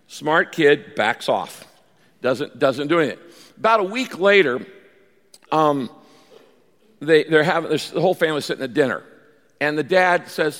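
A man preaching as pastor, animated, acting out pleading prayers and telling stories to his congregation. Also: a little high, normal speed, big-room sound. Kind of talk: sermon.

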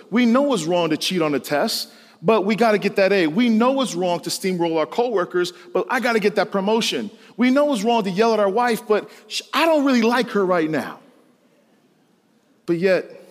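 A man's voice: high-pitched, long reverb tail. A male pastor preaching a sermon to students in an emphatic, storytelling way. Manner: storytelling, emphatic, rising to exclamations.

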